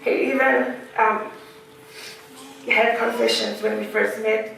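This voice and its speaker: A woman's voice: a little high, flat delivery, takes it slowly, gravelly, fairly bright tone, a little hiss or hum. A woman gives a heartfelt funeral eulogy, laughing through memories. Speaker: widow giving a eulogy. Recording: echoey hall, distant mic.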